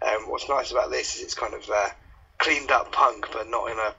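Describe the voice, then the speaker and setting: A man's voice: medium pitch, steady tone, normal speed, vocal fry, bright, forceful tone, slightly rough. A man co-hosting a radio music show, giving a rambling casual review that stops and restarts mid-thought. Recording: muffled lo-fi radio recording.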